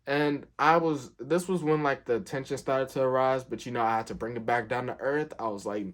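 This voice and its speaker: Young man, mid-range voice, casual storytime, animated, acts out quotes. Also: fairly quick, hardly any pauses. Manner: chatty and animated, acting out quotes with lively pitch jumps. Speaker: storyteller, fast food worker.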